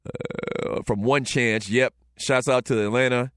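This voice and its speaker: A man in his forties with a Southern Lowcountry accent, hosting a casual talk show, telling stories loosely and joking with the chat. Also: steady tone, unhurried, fairly bright tone, no room sound, clean studio sound. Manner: loose, joking, storytelling with frequent fillers. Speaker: show host.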